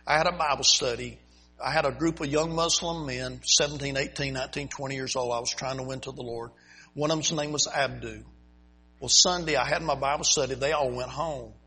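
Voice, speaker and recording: A man's voice: medium pitch, fairly even intonation, a little fast, pushed and bright, breathy edge, soft background music. A man, a missionary preacher, telling a folksy, humorous story in a sermon to his congregation. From United States. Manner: folksy, humorous, chuckles at his own stories. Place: church before a congregation.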